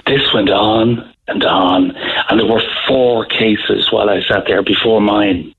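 A middle-aged Irish man telling a story in a radio interview, halting, with many restarts. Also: on the low side, fairly even intonation, a little hiss or hum. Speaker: guest author. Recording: phone-line audio.

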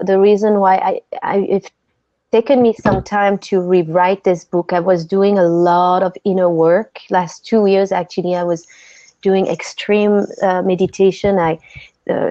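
A woman with a French accent who stops and restarts as she finds her words, explaining breathwork in an interview. Her voice sits at an everyday pitch. It comes over a slightly muffled video call with a dry sound. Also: dark tone, no echo. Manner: earnest, gropes for words with many restarts. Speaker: guest, breathwork teacher. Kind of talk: interview conversation.

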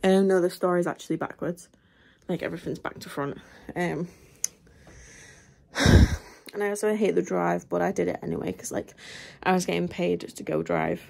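Exasperated young woman rambling, gravelly. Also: fairly low pitch, lively intonation, normal speed, long pauses, a little mellow, dry recording. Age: young adult. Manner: rambling and exasperated, often dropping to a whisper. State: out of breath; tired. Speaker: vlogger. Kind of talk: casual vlog rant.

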